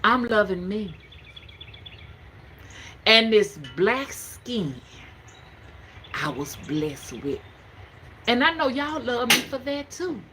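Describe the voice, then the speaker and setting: A woman's voice: fairly high pitch, sing-song, takes it slowly, pauses often, noisy background. A Southern woman over fifty, a spiritual reader, talking to camera in a folksy, emphatic, preaching cadence. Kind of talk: casual talk to camera.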